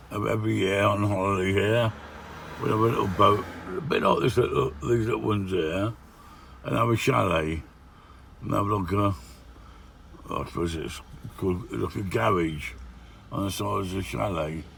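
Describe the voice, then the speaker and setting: Older male van-life vlogger, low gravelly voice, chatty with wry grumbles, faint road ambience. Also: fairly bright tone, a little hiss or hum. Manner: chatty, with grumbling asides tagged "eh?". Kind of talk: casual travel vlog commentary. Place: outdoors and in a van, touring villages.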